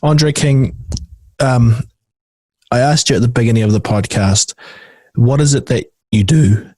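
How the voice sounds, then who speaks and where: A man's voice: mid-range voice, unhurried, mellow, breathy edge, dry recording. A man hosting a casual interview, encouraging and prompting his guest. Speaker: podcast host.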